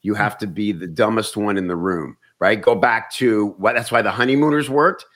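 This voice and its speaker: A comedian and actor telling stories in casual chat, animated and often restarting words. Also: male voice, on the low side, normal speed.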